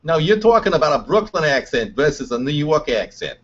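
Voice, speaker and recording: A man hosting a live chat show, speechifying like a mock political candidate and swinging between booming lines and muttered asides. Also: sing-song, brisk, hardly any pauses, fairly bright tone, breathy edge. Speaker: show host. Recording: dull lo-fi stream audio.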